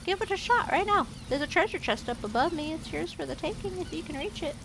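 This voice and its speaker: A chirpy little mouse adventurer, as a woman reads him aloud squeaks out tips in a high, loud, theatrical put-on accent. Gravelly fry catches at the edges of the voice. Clear noise runs behind. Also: expressive, quick pace. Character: chirpy mouse adventurer teaching climbing tricks.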